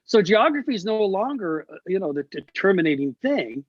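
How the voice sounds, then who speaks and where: A man's voice: high-pitched, moderate pace, no echo. Dry lo-fi man telling a story. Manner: animated storyteller, acts out quoted voices. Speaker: guest musician. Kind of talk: casual storytelling interview. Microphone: video call. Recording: dull lo-fi video call audio.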